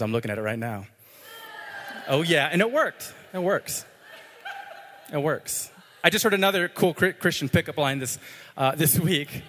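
A man's voice: a little high, a bit bright, slight background noise. A man preaching a sermon as pastor, joking playfully at times and praying earnestly. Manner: playful, joking asides then earnest prayer. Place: church. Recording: long hall reverb.

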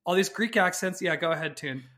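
A man's voice: high voice, a little fast, fairly bright tone. A young man, a guest on a podcast, chatting casually about a movie in a rambling, jokey way. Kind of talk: casual movie-review chat.

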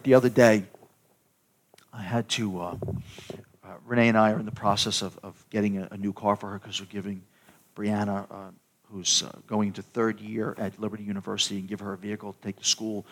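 A middle-aged male pastor preaches in a relaxed, conversational storytelling manner, often repeating words and starting them over. His voice is fairly low with little pitch movement, and he speaks a little fast.

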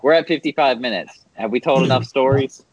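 A man's voice: medium pitch, a little fast, no room sound, highs cut off. A man hosting a casual podcast, telling a long rambling story among friends. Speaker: podcast host.

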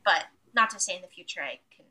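A woman's voice: on the low side, animated, quick pace, pushed and bright. A woman pianist as an interview guest, talking hesitantly and searching for the right words. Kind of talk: casual interview chat.

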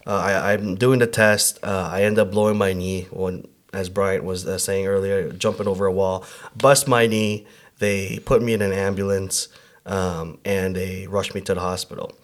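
A man from Chicago co-hosting a podcast, telling a personal story in lively, animated fashion. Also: sits low, normal speed. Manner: animated storyteller, acts out his own past words. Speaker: podcast co-host.

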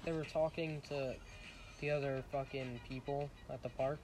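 A man's voice: mid-range voice, steady tone, normal speed, darkish tone, a little hiss or hum, poor audio. A young man in casual chat, telling a story in a laid-back, profane way with lots of fillers.

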